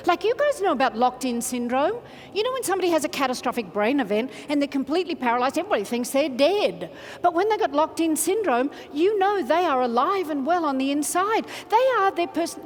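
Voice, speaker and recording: A woman giving an energetic motivational keynote in a large conference hall, coaxing the audience to join in. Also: high-pitched, slight background noise. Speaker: motivational speaker. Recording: reverberant hall, faint ambience.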